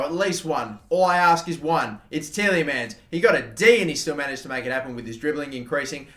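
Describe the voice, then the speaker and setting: A young man giving excitable, sweary commentary over a football video game, shouting at the big moments. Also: a little high. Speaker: gaming YouTuber. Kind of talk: live gameplay commentary. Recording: echoey room.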